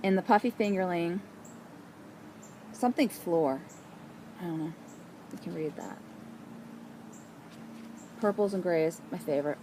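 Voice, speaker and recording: A woman hosting a knitting vlog outdoors, chatting casually in a bubbly, excitable way. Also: fairly low pitch, a little slow, pauses often, a little hiss or hum. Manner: bubbly and excitable, with frequent laughs. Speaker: knitting vlogger. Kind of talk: casual chat.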